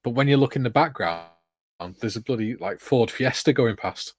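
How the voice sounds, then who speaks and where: A man's voice: mid-range voice, lively intonation, normal speed. A man co-hosting a casual modelling livestream, reading out viewer comments and laughing along. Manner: reads out chat comments, chuckles often.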